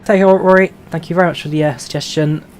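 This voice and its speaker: This man speaks fast in a slightly high voice with fairly even intonation. He's a London-born flight sim streamer with a London accent, chatting casually on a live stream as he flies a simulator. He reads viewer questions aloud and answers them with plenty of "uh"s.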